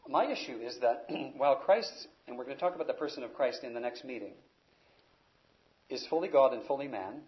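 A man's voice: medium pitch, muffled recording. A man preaching an expository sermon, teaching emphatically and raising his voice on key words.

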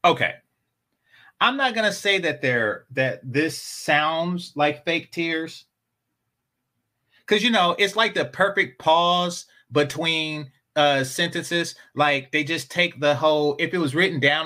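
A man's voice: a little high, slow, pushed and bright. A man giving casual, sarcastic reaction commentary on a stream, talking back to the clips he plays.

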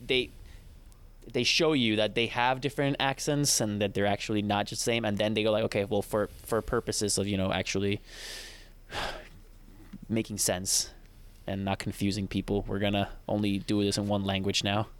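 A man's voice: lowish voice, little pitch movement, moderate pace, fairly bright tone, smooth. A young man in casual chat, rambling and joking with friends, laughing often.

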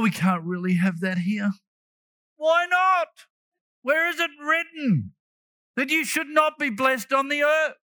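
A male pastor preaching a sermon, animated and emphatic, breaking into shouts and joking asides. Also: very high voice, dry recording.

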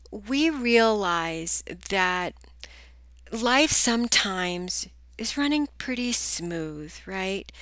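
A woman's voice: medium pitch, pushed and bright, no room sound. A middle-aged woman hosting a solo coaching podcast, chatty and upbeat, speaking straight to her listeners, a bit groggy today. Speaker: podcast host, business coach.

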